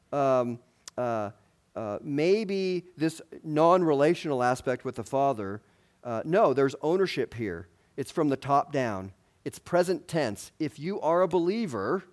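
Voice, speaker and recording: A man preaching a sermon in a conversational way, asking his listeners questions and adding light humor. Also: fairly high pitch.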